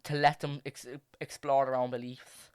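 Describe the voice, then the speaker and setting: A man's voice: medium pitch, flat delivery, moderate pace, clean tone, no room sound, studio quality. A young man, chatting casually and reading stories aloud as a podcast host, rambling with many fillers and restarts.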